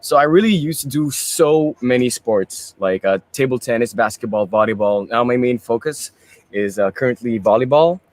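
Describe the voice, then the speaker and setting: A man's voice: mid-range voice, moderate pace, darkish tone. A young man and pageant candidate, answering interview questions in a chatty, rambling way and mixing in Tagalog phrases. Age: young adult.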